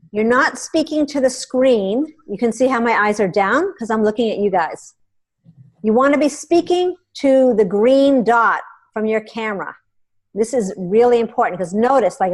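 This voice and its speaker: A woman hosting a meeting, giving a chatty hands-on software tutorial and often checking in with her listeners. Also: on the high side. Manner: chatty and instructive, checks in with "okay?". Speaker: meeting host.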